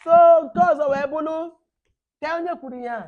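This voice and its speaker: A woman with an Igbo accent leads a children's language lesson, slipping back and forth between English and Igbo. She says short phrases and has the class repeat them after her. Her voice sits a little high for a woman. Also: fast, darkish tone, muffled recording.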